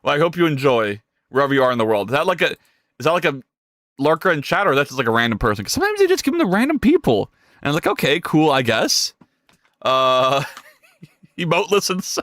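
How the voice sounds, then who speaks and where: A man's voice: fairly high pitch, very animated, fairly quick, long pauses, a bit bright, no room sound, clean studio sound. A man streaming live while coding his game, thinking aloud in a rambling way, swearing and talking to his chat.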